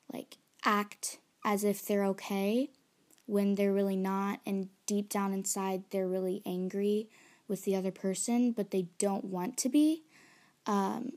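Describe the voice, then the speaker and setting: Slow-talking chatty young woman. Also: medium pitch. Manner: chatty and rambling, with frequent fillers and laughs; nervous and excited. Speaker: aspiring singer-songwriter. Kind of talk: casual vlog chat.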